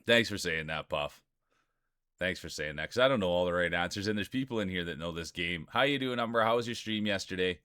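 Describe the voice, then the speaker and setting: A man's voice: low-pitched, fairly quick, pushed and bright, clean tone, no echo, clean studio sound. A man streaming live, chatting casually and rambling while greeting viewers by name.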